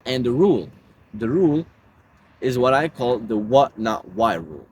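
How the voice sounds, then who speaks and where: A man's voice: mid-range voice, very animated, moderate pace, a little mellow, slight background noise. A man giving casual self-help advice in a laid-back way, calling the listener bro.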